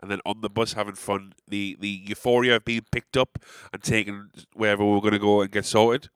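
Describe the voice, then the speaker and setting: A young man with an English accent telling a long casual anecdote, rambling and animated, with frequent swearing and sarcastic asides. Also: on the low side, brisk, clean tone, no room sound, clean studio sound. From England.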